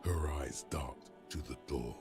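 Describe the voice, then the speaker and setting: An actor voicing a grave male narrator in a video game, with slow, measured, deliberate delivery. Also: rumbling low, music in the background, exaggerated voice. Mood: ominous. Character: grave male narrator voice of a detective's inner senses.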